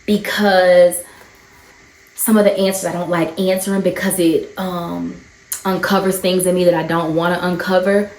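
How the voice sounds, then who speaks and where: Earnest mom vlogger in an echoey room. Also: female voice, on the low side, darkish tone. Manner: earnest, encouraging, emotional. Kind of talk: casual faith and motherhood vlog. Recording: roomy echo.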